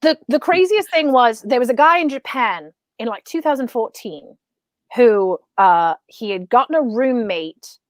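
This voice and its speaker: Young woman, casual podcast chat, rambling with fillers, slightly high voice, dry close sound. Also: animated, measured pace, no echo. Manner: rambling storyteller with many fillers and restarts. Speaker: podcast co-host.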